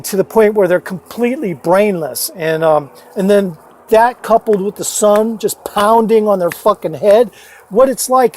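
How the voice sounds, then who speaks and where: Speaking into his phone, a storyteller vlogger with a notably high, darkish-toned voice wanders through personal stories. He swears freely, keeps restarting sentences, and fills gaps with "uh" and "you know."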